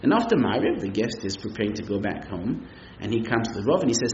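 Animated man giving a sermon. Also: lowish voice, fast talker, hardly any pauses, a little hiss or hum. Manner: animated, emphatic, uses Yiddish and Hebrew terms. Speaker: rabbi, religious teacher. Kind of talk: sermon with storytelling. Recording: echoey, slightly muffled room recording.

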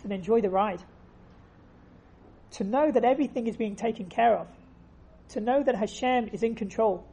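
A woman's voice: on the high side, darkish tone, husky. A woman giving an earnest faith lesson, telling stories and repeating phrases for emphasis. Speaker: religious teacher.

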